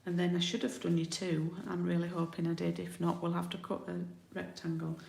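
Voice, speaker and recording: A woman's voice: fairly low pitch, monotone, brisk, gravelly, darkish tone, a little hiss or hum. A woman from the UK demonstrating card making in a chatty live tutorial, thinking aloud as she works. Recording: roomy home recording.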